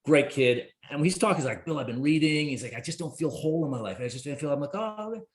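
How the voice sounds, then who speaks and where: A man in his fifties, a guest on a talk show, telling stories and acting out the people in them with sudden high leaps in pitch. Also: fast talker. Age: 50s. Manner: storytelling, acts out quoted dialogue with big pitch jumps. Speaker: guest, therapist and executive. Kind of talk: casual conversation. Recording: roomy echo.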